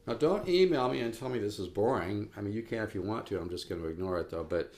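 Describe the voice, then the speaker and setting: A man with a low, gravelly voice walks his viewers through a guitar lesson. He talks in a relaxed, encouraging way and calls them folks. A faint guitar plays behind him. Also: fast talker. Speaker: guitar teacher. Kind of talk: casual video guitar lesson. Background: guitar playing.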